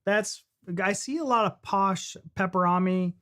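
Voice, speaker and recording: A man's voice: high-pitched, unhurried, pushed and bright. A man co-hosting a live stream, talking loosely and casually with the audience. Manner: loose and chatty, with fillers and restarts. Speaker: co-host of a reaction channel.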